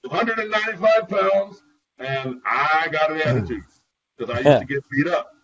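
A man chatting as an interview guest, telling lively stories about his caregiving work and often laughing. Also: fairly high pitch, moderate pace. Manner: lively, laughing, acts out voices in anecdotes. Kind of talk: animated storytelling in conversation. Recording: distant, muffled, with crowd noise.

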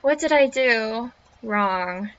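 A woman's voice: on the high side, animated, slow pace, no echo, soft background music. A young woman streaming a game, reading its text aloud and reacting with jittery, swearing commentary. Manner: swears freely, jittery and easily spooked. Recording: crunchy lo-fi audio.

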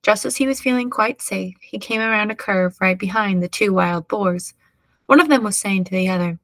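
A woman reading a children's chapter book aloud with clear, steady storytelling. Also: medium pitch, normal speed, no room sound. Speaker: storybook reader.

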